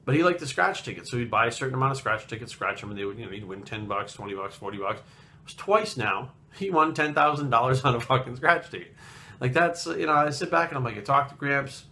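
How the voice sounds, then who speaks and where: A man's voice: medium pitch, lively intonation, fast talker, bright, forceful tone. A man in his late thirties from Rhode Island, telling a personal story in a blunt, rambling way with lots of swearing. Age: late 30s. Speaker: fitness vlogger. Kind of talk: casual storytelling.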